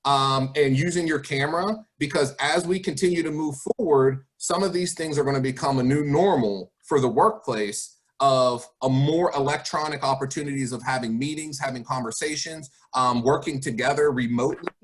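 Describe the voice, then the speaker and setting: A man's voice: medium pitch, normal speed, hardly any pauses. A man speaking as a college guest to students over a video call, encouraging them and asking rhetorical questions. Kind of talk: online presentation to students.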